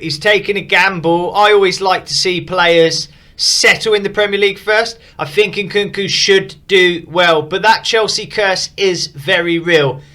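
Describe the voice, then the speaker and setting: A man's voice: high-pitched, sharp tone. A man casually reviewing and rating viewers' fantasy football teams, frank and opinionated but upbeat. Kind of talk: casual commentary.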